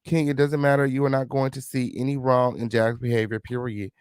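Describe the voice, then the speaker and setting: A man's voice: mid-range voice, little pitch movement, brisk, darkish tone, smooth, dry recording, studio quality. A man hosting a live stream, chatting casually with viewers and reading comments, sassy and heated, swearing freely.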